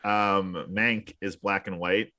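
Deep-voiced offhand man. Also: steady tone, takes it slowly, pushed and bright, no echo. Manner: offhand, self-deprecating. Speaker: podcast co-host. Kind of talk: casual chat.

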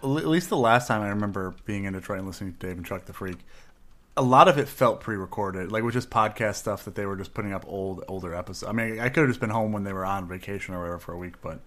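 A man's voice: fairly low pitch, quick pace, a bit bright. A man co-hosting a casual podcast, joking and rambling, laughing often. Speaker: podcast co-host.

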